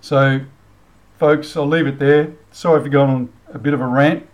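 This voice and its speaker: A man's voice: a little high, fairly even intonation, moderate pace, rough recording. A middle-aged Australian man hosting a commentary channel, ranting bluntly with casual swearing, then leading a prayer. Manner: blunt, heated, swears freely. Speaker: channel host.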